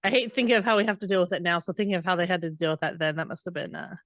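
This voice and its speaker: A woman's voice: fairly low pitch, fairly even intonation, rapid-fire, fairly bright tone, dry recording, clean studio sound. A woman co-hosting a book podcast, recapping chapters in a chatty, hesitant way full of asides. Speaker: podcast co-host. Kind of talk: casual book recap chat.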